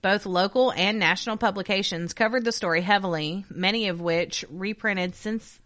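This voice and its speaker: Bright-voiced woman reading a case. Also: medium pitch, moderate pace. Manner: swears, laughs often, reads in a newscaster tone. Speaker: podcast co-host reading a case. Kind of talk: true crime podcast, reading notes with banter.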